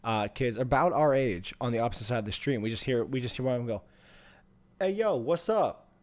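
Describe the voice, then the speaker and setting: A man's voice: medium pitch, racing. A young man casually telling a rambling, profane story on a podcast, laughing as he goes. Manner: rambling, profane, laughs through his stories. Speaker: podcast co-host.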